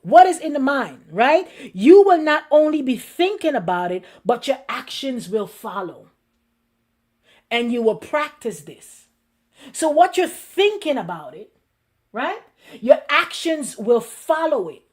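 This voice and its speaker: A woman pastor preaching a sermon in a lively, conversational way, acting out inner voices and laughing along. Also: high voice, unhurried.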